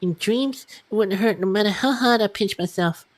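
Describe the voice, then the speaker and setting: A woman voicing a flustered, jumpy young female principal in a high, squeaky voice while reading game dialogue aloud. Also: normal speed, close to an everyday voice. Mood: bewildered.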